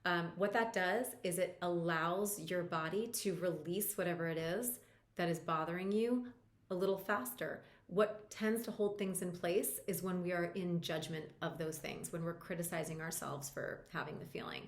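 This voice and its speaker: A woman coach leading a guided tapping lesson, talking the listener through each step in a calm, reassuring way. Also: on the low side, normal speed. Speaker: EFT practitioner and coach. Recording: roomy echo.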